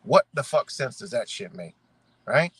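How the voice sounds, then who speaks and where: A man's voice: medium pitch, big pitch swings, a little slow, fairly bright tone, slightly rough, dry recording. A man ranting in casual commentary, swearing often, peppering his talk with "right?" and street slang as he picks apart rules he reads aloud. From Rochester, New York area. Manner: profane, conversational, rhetorical questions, street slang. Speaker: vlogger.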